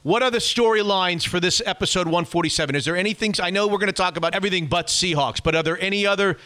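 A man with a high, bright voice hosts a casual sports podcast. He teases his co-host and reacts with quick, animated exclamations.

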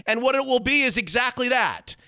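A man hosting a casual sports podcast, talking in a steady, reflective and friendly way. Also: very high-pitched, brisk, dry recording, clean studio sound. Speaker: podcast host.

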